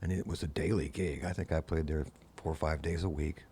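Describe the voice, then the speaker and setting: A man's voice: a bass voice, fairly quick, a little hiss or hum. An older man, a guest musician, telling long anecdotes in casual conversation and acting out the people he quotes. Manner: anecdotal, animated quoted voices. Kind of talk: casual storytelling.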